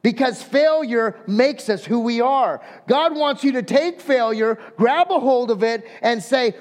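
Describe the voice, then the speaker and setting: A male pastor preaching a sermon, telling a story with lively acted-out quotes and lists of words. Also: very high-pitched, measured pace, few pauses. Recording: long hall reverb.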